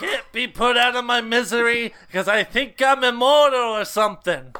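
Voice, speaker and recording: A man's voice: very high-pitched, a crowd in the background. A man on a podcast doing a comic impression of a brash middle-aged actor who plays a Canadian superhero with a put-on Canadian accent. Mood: hammy. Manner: hammy, drawn-out, tacks on "eh". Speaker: podcast co-host.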